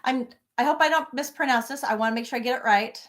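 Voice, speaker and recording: A woman's voice: high voice, fast, fairly bright tone. A middle-aged woman hosting a crochet live stream from her home office, chatting casually and greeting viewers by name.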